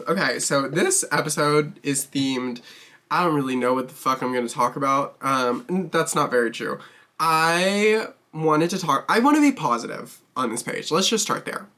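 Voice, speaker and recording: A man's voice: fairly high pitch, lively intonation, normal speed, bright, forceful tone. A man hosting his own beauty vlog, chatting casually and expressively while doing his makeup, swearing freely and laughing often. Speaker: beauty vlogger host.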